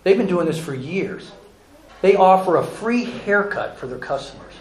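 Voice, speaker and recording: A man's voice: high-pitched, animated, normal speed, a little mellow. Earnest man presenting in an echoey room. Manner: storytelling, folksy and earnest. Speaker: charity presenter. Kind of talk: presentation to an audience. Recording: echoey room with faint ambience.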